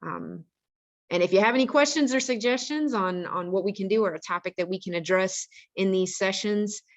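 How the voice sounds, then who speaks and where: A woman's voice: medium pitch, moderate pace. A woman on the staff of a school, talking earnestly and practically to parents and giving them advice on handling angry teenagers. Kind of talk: informal parent-education talk.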